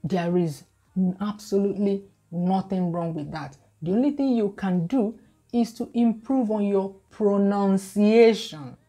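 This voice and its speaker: A woman's voice: mid-range voice, measured pace, dark tone, faint music behind. A woman from Nigeria with a Nigerian English accent, talking casually to camera as a YouTube host in an emphatic, lecturing way full of rhetorical questions.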